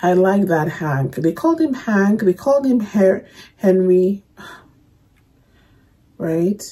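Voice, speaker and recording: Very breathy, slow-talking woman reacting to a film. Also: mid-range voice, very animated, rough recording. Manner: emotional, soft-spoken, calls viewers "my darlings". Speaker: movie reaction vlogger. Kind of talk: casual reaction commentary.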